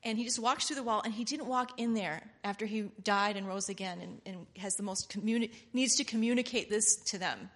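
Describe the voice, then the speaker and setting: A middle-aged woman giving a rambling, earnest, informal sermon that builds to loud, impassioned preaching. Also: mid-range voice, brisk, few pauses.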